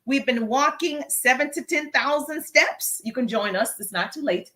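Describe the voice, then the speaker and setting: A woman with a Southern accent and a slightly high voice runs a lively livestream Q&A, cheering on the viewers and calling out their names from the chat. She is getting over a cough and talks while walking on a treadmill. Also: moderate pace. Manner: upbeat, hypes viewers, greets chat by name. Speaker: livestream host, business coach. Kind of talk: live stream Q&A chat.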